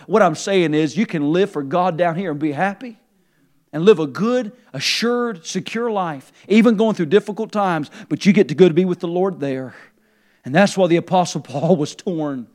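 A man preaching a sermon to his church, his voice sitting a little high for a man. He builds to a near shout when quoting scripture and sinks to a soft, low tone as he leads the congregation in prayer. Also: moderate pace. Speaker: pastor. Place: church sanctuary.

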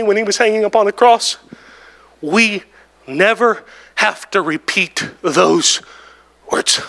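High, gravelly preacher shouting. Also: male voice. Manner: preaching with rising shouts and chanted phrases; drawn-out emphatic delivery with interjected "oh" and "woo, hallelujah". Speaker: pastor. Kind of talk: sermon. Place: church.

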